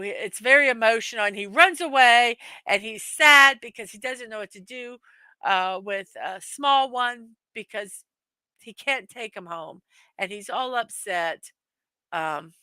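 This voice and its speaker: Bright chatty woman hosting a livestream. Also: mid-range voice, no room sound. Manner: chatty, greets viewers by name, rambling. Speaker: livestream host. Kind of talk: casual livestream chat.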